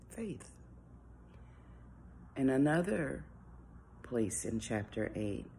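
A woman's voice: a bass voice, creaky, mellow, a little hiss or hum. A woman giving an informal devotional talk, earnest and conversational, asking rhetorical questions. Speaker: devotional speaker.

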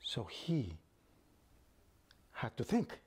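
A man's voice: mid-range voice, huge pitch swings, drawn-out words, breathy edge. A man telling a story dramatically, often dropping to a whisper.

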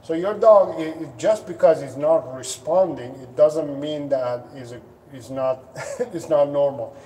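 A dog trainer with a somewhat high, warm voice answers viewer questions on a casual home live stream, his dogs nearby. He speaks unhurriedly and patiently, explaining things and sometimes voicing a dog's thoughts playfully. The low-quality recording picks him up from a distance, with slight background noise.

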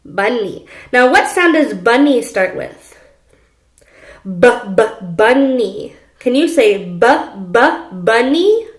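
A woman teaching a preschool phonics lesson from home, speaking slowly and repeating letter sounds for young children. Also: a little high, very animated, reverberant. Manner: slow, sing-song, repeats sounds for children. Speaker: pre-K teacher.

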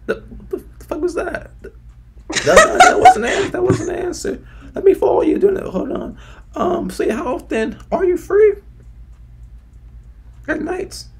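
Man, fake high falsetto, very high pitch, slips deeper, brash, pushy. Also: lively intonation, normal speed, creaky, long pauses, mellow. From New Jersey. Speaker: streamer. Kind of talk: prank chat with a stranger.

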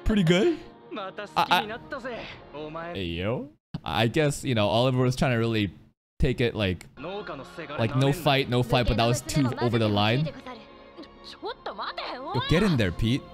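A man hosting a live anime reaction, heated and profane, yelling at the screen. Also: mid-range voice, big pitch swings, measured pace, long pauses. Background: anime episode audio with music.

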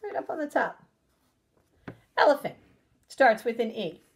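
A woman's voice: on the high side, very animated. Sing-song woman teaching young children. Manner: encouraging, sing-song, sounds out letters slowly. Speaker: preschool teacher. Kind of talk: recorded lesson for young children.

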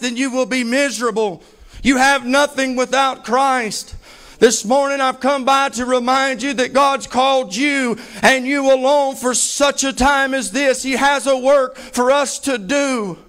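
High-voiced preacher man. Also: fairly bright tone. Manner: fervent, emphatic preaching with heavy repetition. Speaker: pastor. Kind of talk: sermon.

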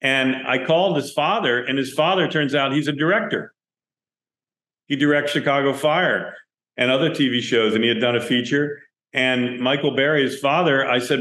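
At a moderate pace and mid-range pitch, this film director recounts on-set stories during an interview. He's animated, performing the dialogue as he goes, with roomy echo in the recording.

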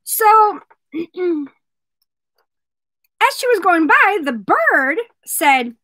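Chatty jewelry seller, lively high voice, unhurried, addresses viewers by name, playful. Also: female voice, dry recording, low-quality recording. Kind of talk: casual product vlog with joke telling.

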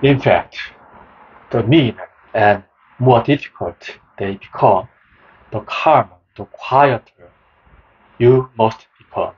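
A man reading a book summary aloud as scripted narration, slow and measured. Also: mid-range voice, slightly rough. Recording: dull, lo-fi sound.

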